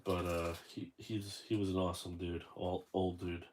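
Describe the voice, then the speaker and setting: Low-voiced man rambling through an unboxing. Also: level tone, moderate pace, slight background noise. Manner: rambling, self-correcting storyteller. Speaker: toy collector unboxing figures. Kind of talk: casual unboxing chat.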